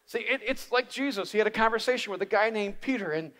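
A man preaching a sermon as an animated, humorous storyteller. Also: high voice, fast talker. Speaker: speaker. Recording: reverberant live hall.

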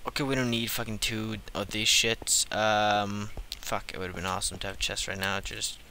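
A young man giving casual, profane gameplay commentary, jumping from low mutters to squealing shouts. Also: flat delivery, normal speed, noisy background. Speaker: gaming channel host.

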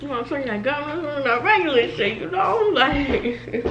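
A woman's voice: high-pitched, expressive, moderate pace, echoey room, recorded from a distance, muffled recording, a crowd in the background. A young woman chatting casually on a home vlog, laid-back and slangy, laughing often. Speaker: vlogger.

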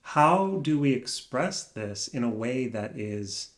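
A man musing aloud alone in a room, soft-spoken and searching, speaking in halting phrases that trail off into pauses. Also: mid-range voice, animated. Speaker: vlogger. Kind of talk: slow reflective musing.

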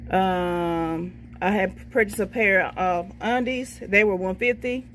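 A woman's voice: mid-range voice, slow, a bit bright, a little hiss or hum. A middle-aged woman, chatting casually through her shopping haul and reading each price off a receipt. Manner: chatty, folksy, says "okay, baby" to herself. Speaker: vlogger showing a shopping haul.

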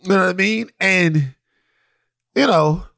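A man co-hosting a podcast, chatting casually, rambling with halting restarts. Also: high-pitched, creaky, bright, forceful tone, no echo, clean studio sound. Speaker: podcast co-host. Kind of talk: casual chat.

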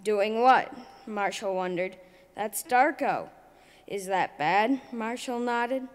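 A woman reading her own story poem aloud at a reading event, slow and deliberate. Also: on the high side. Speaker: poetry reader. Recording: long hall reverb.

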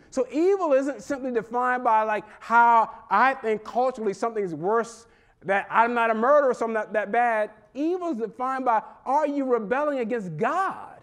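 A man preaching a sermon in a seminary chapel, animated, with wide swings from loud and high to low and hushed. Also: moderate pace. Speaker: pastor.

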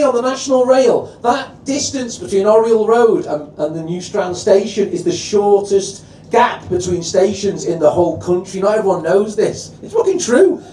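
Scouse stand-up compere, male, high bright-ish voice but mellow tone, heard from a distance in an echoey club. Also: a little hiss or hum. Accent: Liverpool. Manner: swearing, chatty, crowd-teasing. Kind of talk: stand-up comedy set. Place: live comedy venue.

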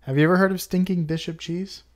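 A man with a slightly high voice co-hosts a casual podcast. He leads the talk with facts and figures and keeps it informal. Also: fairly even intonation, quick pace, darkish tone. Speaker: podcast co-host. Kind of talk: casual chat, presenting facts.

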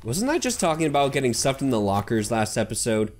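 A man's voice: medium pitch, big pitch swings, fast, a little mellow. A man giving sarcastic, joking commentary while playing a horror game, talking back to the characters and yelping and swearing when startled. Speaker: gaming video host. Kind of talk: let's play commentary.

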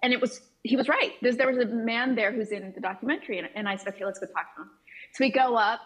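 A woman's voice: on the high side, fast talker, rough recording. Chatty woman guest on a talk show. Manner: chatty, self-deprecating, lively. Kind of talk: casual interview storytelling. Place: television studio.

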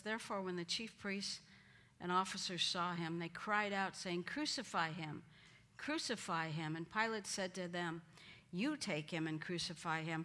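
A woman's voice: fairly low pitch, bright, forceful tone. A woman teaching a Bible study, acting out the quoted lines with dramatic emphasis. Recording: hall reverb.

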